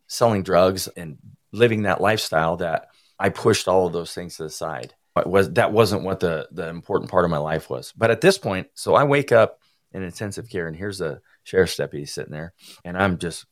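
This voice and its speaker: Low-voiced man giving earnest testimony. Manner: earnest, emotional, halting retelling. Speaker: interview guest. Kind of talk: personal recovery testimony.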